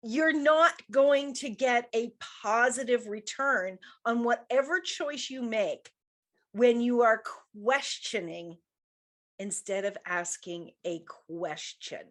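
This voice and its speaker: A woman's voice: fairly high pitch, slow, a bit bright. A middle-aged woman hosting a motivational business show, talking emphatically and repeating her key points. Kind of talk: motivational talk show monologue.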